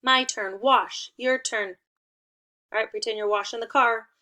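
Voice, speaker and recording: Woman teacher, unhurried delivery, encouraging and instructive with playful prompts for young children. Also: a little high, steady tone, bright, forceful tone. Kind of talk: remote class lesson for young children.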